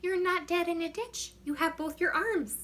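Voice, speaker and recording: A woman's voice: very high voice, normal speed, a bit bright, pitched above the performer's own voice. A woman voicing a chirpy, well-meaning woman with a Minnesota accent who hands out sugary, condescending platitudes in a singsong voice.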